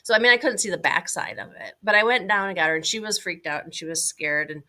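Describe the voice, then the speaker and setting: A middle-aged woman recounting a hunting trip as an interview guest, animated and full of "like"s and fillers. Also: lowish voice, fast talker. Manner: animated, many fillers and "like"s, laughing now and then. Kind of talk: casual storytelling.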